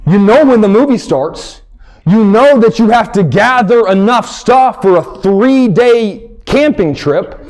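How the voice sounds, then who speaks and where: Stand-up comic, US man, high voice with big swings, acts out scenes. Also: measured pace. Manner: animated storytelling, acts out characters, shouts punchlines. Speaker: stand-up comedian. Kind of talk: stand-up comedy.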